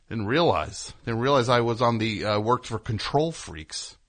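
A man's voice: mid-range voice, very animated, moderate pace, hardly any pauses, fairly bright tone. A man hosting a show, telling a rambling, sarcastic, indignant story as a comedic rant. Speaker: host.

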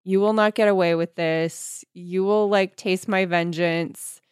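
A woman parodying a revenge-obsessed book character in a flat, mocking, repetitive voice. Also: on the low side, measured pace, clean tone, no echo, clean studio sound, pitched below the performer's own voice, close to an everyday voice.

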